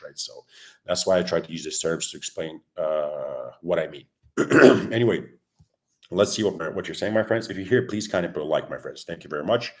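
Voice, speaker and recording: With a sore throat he keeps clearing, a low-voiced man hosts a crypto livestream. He explains his views calmly and greets viewers by name in casual chat.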